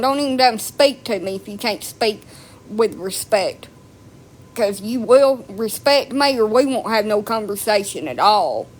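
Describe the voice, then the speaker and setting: Profane, mocking woman ranting. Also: fairly high pitch. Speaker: vlogger. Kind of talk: ranting monologue.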